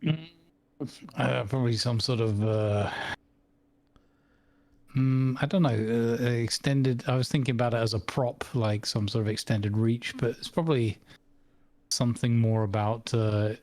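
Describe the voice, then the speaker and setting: Male podcast co-host, average pitch, dry close recording; brief replies, muses aloud with fillers. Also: steady tone, unhurried, darkish tone, no echo. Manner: short backchannel replies, musing aloud with fillers. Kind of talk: casual chat.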